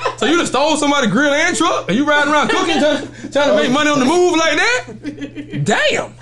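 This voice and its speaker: A man's voice: extremely high pitch, quick pace, a crowd in the background. A man telling a story in casual banter, laughing often and acting out what others said. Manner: animated, laughing, acts out quotes.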